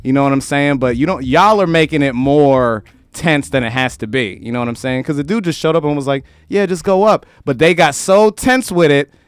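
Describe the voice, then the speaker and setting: A man's voice: a little high, brisk, hardly any pauses, smooth, dry recording. A man hosting a podcast, chatting casually in a laid-back, slangy way and swearing freely. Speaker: podcast host, comedian.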